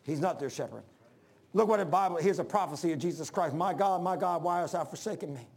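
A man preaching a sermon, emphatic, calling out to the congregation and dropping to hushed lines between loud peaks. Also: fairly high pitch, fast, breathy edge. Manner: calls for congregation responses.

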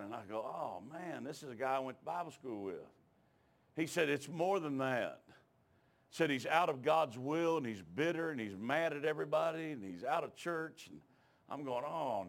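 A middle-aged man with a rather high voice delivers a storytelling sermon. He shares a personal story in a folksy, emotional manner that builds into shouted preaching.

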